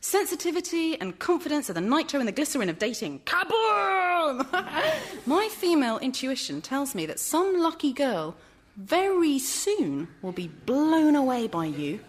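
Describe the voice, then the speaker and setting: A woman's voice: high-pitched, sing-song, normal speed. A woman with an English accent playing an earnest, wordy, well-meaning woman in a sitcom, who talks in fussy, over-formal phrases with nervous restarts. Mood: encouraging. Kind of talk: sitcom acting.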